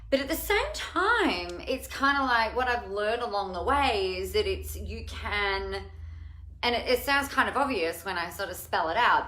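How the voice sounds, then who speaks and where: Woman, from Australia, live-stream host, rambling casual chat, bright tense voice, echoey room. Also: mid-range voice. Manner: chatty, rambling, greets viewers by name. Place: home room with cats.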